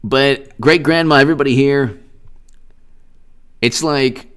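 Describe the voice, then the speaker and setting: A man's voice: mid-range voice, slow, fairly bright tone, smooth. A man hosting a casual live stream of political commentary, rambling and long-winded as he thanks viewers.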